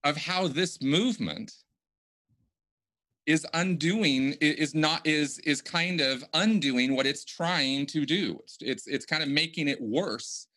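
A man's voice: fairly high pitch, slow, sharp tone. A man hosting a casual podcast conversation, speaking emphatically and often restarting his sentences. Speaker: podcast host.

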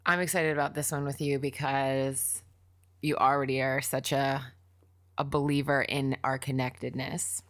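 A woman hosting a casual podcast, affectionate and quick to laugh, answering with short reactions. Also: extremely low pitch, flat delivery. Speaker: podcast host.

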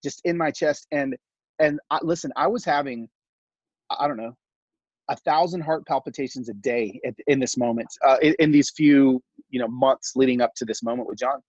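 Husky man telling a heartfelt story. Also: mid-range voice, normal speed, no room sound, muffled recording. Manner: animated, heartfelt storytelling full of fillers. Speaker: podcast guest. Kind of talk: casual conversational storytelling.

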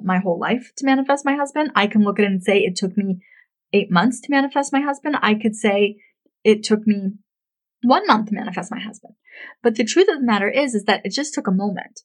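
A woman in her thirties, a love coach, telling a personal story in a chatty, animated way full of "like" fillers. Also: mid-range voice, rough recording. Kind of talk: casual storytelling to camera.

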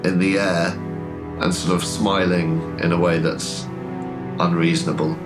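A man's voice: low-pitched, level tone, measured pace, loud music behind the voice. A man running a tabletop horror game as game master, describing scenes with hesitant fillers.

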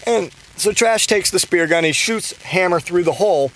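A man's voice: high-pitched, animated, moderate pace, fairly bright tone, poor audio. A man hosting a podcast, recapping a movie in a rambling, casual way with constant swearing, fillers and restarts. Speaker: podcast host.

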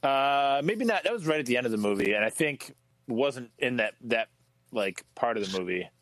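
A man's voice: medium pitch, animated, normal speed, a bit bright, no echo, rough recording. A man co-hosting a casual comedy podcast chat, easygoing and jokey. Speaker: podcast co-host.

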